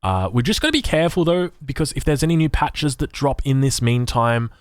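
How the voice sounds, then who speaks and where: Australian male streamer, loose rambling chat, mid pitch, dry close mic. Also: sing-song, brisk, dry recording. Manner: rambling, chatty, swears, reads chat aloud. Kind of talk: casual gameplay stream chat.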